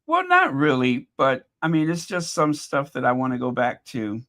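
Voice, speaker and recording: A man's voice: mid-range voice, big pitch swings, moderate pace, a bit bright. A man hosting a casual live commentary stream, chatty and exasperated, thinking aloud as he talks to his viewers. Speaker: livestream commentary host.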